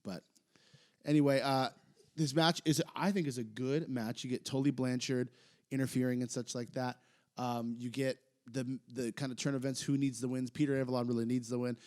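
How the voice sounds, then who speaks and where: A man co-hosting a podcast, chatting casually and a bit hesitantly, getting excited as he talks. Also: medium pitch, brisk. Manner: rambling, hesitant, gets excited. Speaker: podcast co-host. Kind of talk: casual chat recapping wrestling.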